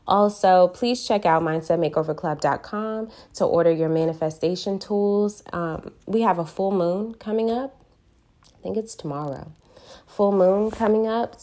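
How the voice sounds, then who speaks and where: A woman with a notably low voice and a lilt hosts a casual solo podcast. She talks in an earnest, reflective way and draws out the words she wants to stress. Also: darkish tone. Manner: earnest, reflective, drawn-out emphasis on key words. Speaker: podcast host.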